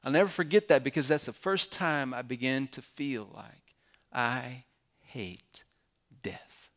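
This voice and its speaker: A pastor in his forties tells personal stories from the pulpit with quiet earnestness. His mid-range man's voice rises into forceful, emphatic peaks as the sermon builds. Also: medium pitch, normal speed.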